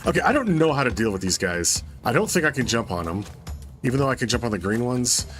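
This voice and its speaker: A man's voice: mid-range voice, fast. A man streaming a platform game, chatting casually while he plays. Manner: relaxed, chatty, swears when he fails. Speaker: gameplay streamer. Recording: livestream with game music behind. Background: game music.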